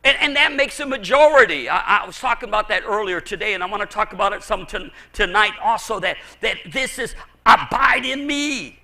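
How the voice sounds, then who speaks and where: A man preaching a fervent sermon as pastor, emphatic and sometimes shouting, often stammering and repeating words as he drives a point home. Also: high voice, expressive, fairly quick, hardly any pauses.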